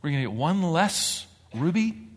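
A man preaching a sermon as a pastor, talking with animated emphasis that climbs to excitement. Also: a little high, moderate pace, slightly rough, long reverb tail.

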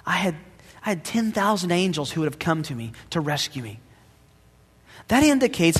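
A male pastor preaching a sermon, dramatic, swinging between loud emphasis and hushed asides. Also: high-pitched, long reverb tail.

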